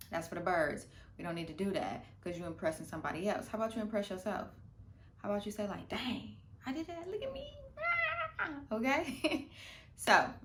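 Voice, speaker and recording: Animated woman, roomy sound. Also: mid-range voice, slight background noise. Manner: animated, slangy and playful, dropping to soft murmurs. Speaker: meditation vlogger. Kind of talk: casual instructional talk. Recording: roomy room echo.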